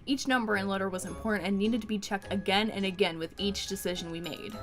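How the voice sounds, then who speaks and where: A woman's voice: mid-range voice, steady tone, fast, soft background music. A woman casually playing and reading a romance visual novel aloud, joking and swearing along the way. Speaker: game player and reader.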